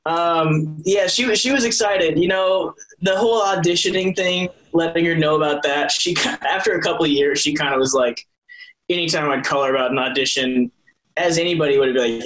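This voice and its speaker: A young man chats as an interview guest, earnest and rambling. He restarts his sentences often and fills the gaps with ums. His voice sits a little high for a man. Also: brisk, fairly bright tone, low-quality recording. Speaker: actor guest. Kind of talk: casual interview chat.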